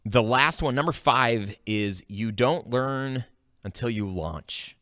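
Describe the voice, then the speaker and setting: A man hosting his own podcast, telling stories in a casual, animated way and jumping up in pitch when he quotes himself. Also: slow, dry recording, clean studio sound. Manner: animated storytelling, jumps high when quoting himself. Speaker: podcast host. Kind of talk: casual solo podcast monologue.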